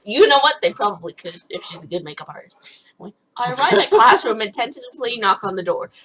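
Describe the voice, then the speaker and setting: Kichernde junge Frau liest Spiel vor. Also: female voice, a little high, sing-song, quick pace, a bit bright, poor audio. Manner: giggly, rambling. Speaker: let's play host. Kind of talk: tipsy casual game reading.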